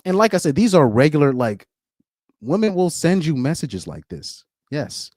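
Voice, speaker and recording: A man's voice: on the high side, big pitch swings, normal speed, darkish tone, no echo. Rambling male streamer, dry close sound. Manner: rambling, repeats words, laughs often. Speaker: commentary streamer. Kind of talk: casual live-stream commentary.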